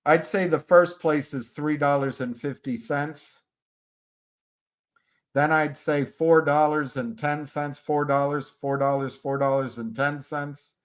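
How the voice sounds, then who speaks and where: A man hosting a live stream, giving halting, casual commentary on stock charts and talking to his viewers by name. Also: fairly high pitch, steady tone. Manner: halting, restarts mid-phrase, talks to viewers by name.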